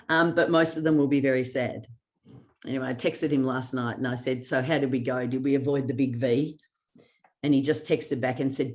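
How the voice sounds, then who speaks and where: Low-voiced woman giving a motivational workshop. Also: normal speed. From Australia. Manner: storytelling with acted quotes and sarcasm; laughs often. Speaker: workshop presenter.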